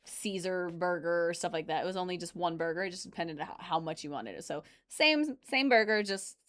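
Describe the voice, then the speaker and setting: A woman's voice: fairly low pitch, a little fast, a bit bright. A woman chatting casually on a live stream, rambling and answering viewer comments as she goes. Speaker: streamer reacting to videos.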